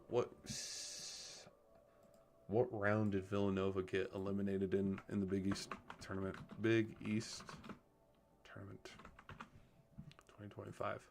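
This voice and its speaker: A man talks through sports picks on a live stream in a casual, rambling way. He thinks out loud, corrects himself, and drops the odd swear word. His voice sits a little on the low side.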